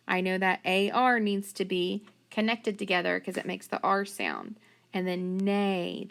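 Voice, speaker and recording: A woman teacher leading a phonics lesson, talking slowly and patiently and stretching out sounds and words. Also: mid-range voice, gravelly, a bit bright, a little hiss or hum.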